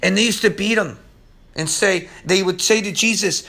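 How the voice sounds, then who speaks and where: Guy preaching a sermon, high voice, goes loud then real quiet, keeps repeating himself for effect. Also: moderate pace. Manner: impassioned and emphatic, swinging from loud to hushed; repeats phrases for emphasis.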